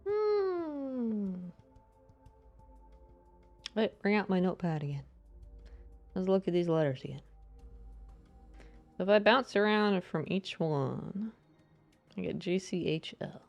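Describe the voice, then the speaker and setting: A woman streaming a game live, chatting casually and playfully with her viewers and greeting them in a high sing-song voice. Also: very animated, takes it slowly, long pauses, faint music behind. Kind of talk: casual live-stream chat while gaming.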